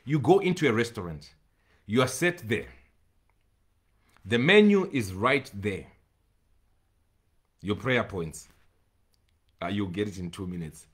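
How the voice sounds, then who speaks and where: A man's voice: lowish voice, expressive, slow pace, long pauses, slightly rough. A man preaching an emphatic sermon, repeating phrases and breaking into bursts of tongues.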